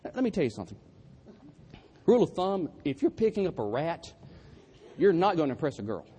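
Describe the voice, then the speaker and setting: A man's voice: on the high side, big pitch swings, brisk, dark tone, breathy edge. Folksy preacher man. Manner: folksy, self-deprecating storyteller. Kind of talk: humorous storytelling sermon.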